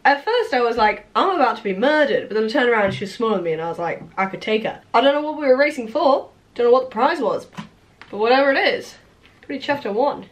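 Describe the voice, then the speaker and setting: High-voiced woman doing comedy crowd work. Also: expressive, quick pace. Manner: playful, teasing crowd work, laughing often. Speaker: stand-up comedian and vlogger. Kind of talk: casual vlog chat and stand-up crowd work. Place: small comedy venue with an audience. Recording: echoey room, far from mic, crowd noise.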